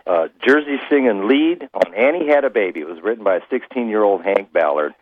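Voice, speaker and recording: A man in his late sixties from rural Illinois, a band member telling stories in a lively way. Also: lowish voice, brisk, a little hiss or hum. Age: late 60s. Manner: lively storyteller. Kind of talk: casual interview chat. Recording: tinny phone line.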